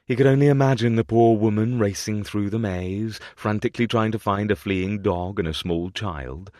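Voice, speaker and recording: A man narrating a historical romance audiobook with an expressive, varied delivery on a close mic. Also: lowish voice, moderate pace, no echo.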